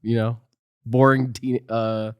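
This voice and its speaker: A man's voice: medium pitch, flat delivery, slow pace, smooth, no echo, studio quality. A man from New Jersey co-hosting a podcast in casual chat, laid-back and joking as he rambles. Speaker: podcast co-host.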